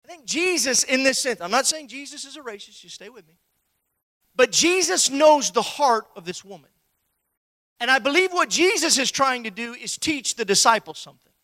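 A preacher giving a conversational sermon full of rhetorical questions, breaking into shouted emphasis. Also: high-pitched, animated, moderate pace, no room sound.

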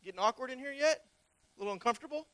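A preacher giving a conversational sermon full of rhetorical questions, breaking into shouted emphasis. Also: high voice, expressive, rapid-fire, dry recording.

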